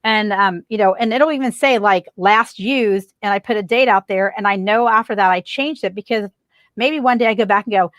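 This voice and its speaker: A woman's voice: mid-range voice, normal speed, a bit bright, dry recording. A woman guest on a podcast, giving marketing advice in a casual, emphatic way and repeating her key points.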